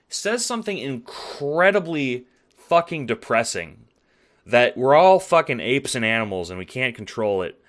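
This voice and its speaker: A man's voice: medium pitch, a bit bright. A man talking through a spoken essay late at night, tired and yawning, conversational and profane with lots of fillers and "right?". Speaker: video essayist.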